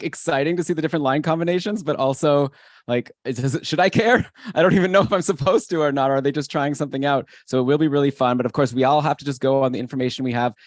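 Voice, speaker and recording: A man hosting a fantasy hockey podcast, chatty and excitable, with energetic shouted openers. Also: medium pitch, no echo, clean studio sound. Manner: hyped, energetic show opener. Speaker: podcast host. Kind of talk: casual podcast chat.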